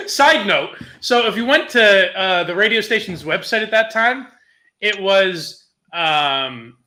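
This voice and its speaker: Animated, laughing young man telling stories. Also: high voice, slow. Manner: laughs often, swears, animated retelling. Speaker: podcast co-host telling a story. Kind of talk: casual storytelling chat.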